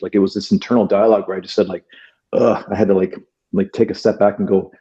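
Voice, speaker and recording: A man from Canada, a podcast guest, speaking in an earnest, halting way with many fillers and restarts. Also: deep voice, steady tone, dark tone, dull audio. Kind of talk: reflective interview talk.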